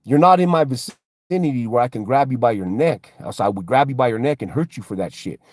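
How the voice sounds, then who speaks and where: A man talks on a livestream in a loose, slangy way, swearing and piling on "bro" and "homie" as he repeats his points. His voice sits in a middle pitch. It sounds dry and close to the mic. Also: lively intonation, brisk, a little mellow, no echo. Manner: slangy, profane, keeps tacking on "bro" and "homie"; heated, repeats himself for emphasis. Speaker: livestreamer and fighter. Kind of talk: casual livestream rant.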